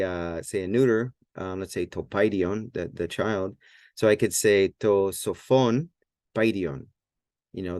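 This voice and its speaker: Low-voiced male tutor, relaxed and full of fillers, dry close recording. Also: dry recording. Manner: relaxed, thinking aloud with many fillers and restarts. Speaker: Greek teacher. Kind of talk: whiteboard language lesson.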